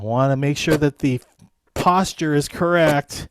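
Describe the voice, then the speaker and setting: Slow, steady man teaching guitar. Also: on the high side. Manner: counts beats slowly and steadily, friendly coaching. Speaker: guitar instructor. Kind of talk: live online guitar lesson.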